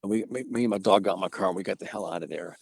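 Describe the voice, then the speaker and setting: A man's voice: low-pitched, very fast, creaky, breathy edge, no room sound. A middle-aged man from Georgia, telling a story on a video call and acting out the voices in it with many restarts. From Georgia, USA. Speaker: interview guest, museum owner. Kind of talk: storytelling in a casual interview.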